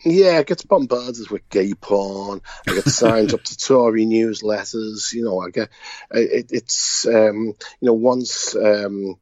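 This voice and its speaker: This podcast co-host from Liverpool, England speaks with a Scouse accent, sharing anecdotes in casual conversation, bluntly and with chuckles. His voice is lowish, slow and a little mellow. The recording is lo-fi with no echo.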